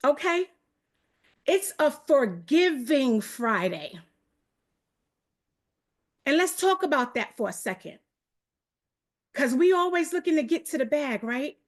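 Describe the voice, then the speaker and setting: In a live online motivational coaching call, a woman with a New York accent, originally from New York, speaks energetically and at speed. Her voice sits high, and she keeps hyping and calling out to her audience.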